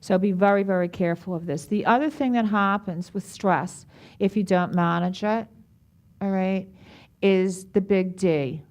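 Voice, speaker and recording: A woman's voice: medium pitch, a little slow. A middle-aged woman leading a group class on stress, chatty and affectionate, often putting questions to her listeners. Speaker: stress management group leader. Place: group room at a care center.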